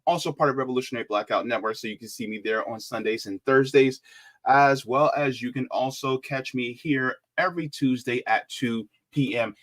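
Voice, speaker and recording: A man hosting a live-stream politics show, chatting casually, animated and jokey as he reads out the chat. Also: mid-range voice, moderate pace.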